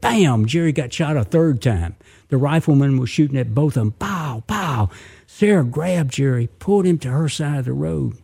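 Male storyteller, dramatic oral delivery, raspy and gravelly. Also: medium pitch, mellow. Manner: vivid, with sound effects and asides to listeners.

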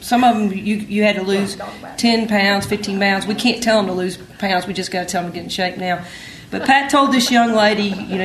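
Lively woman telling a story. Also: mid-range voice. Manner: animated, acts out quotes with laughs. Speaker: assistant coach. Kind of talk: storytelling at an event. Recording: roomy echo, faint noise.

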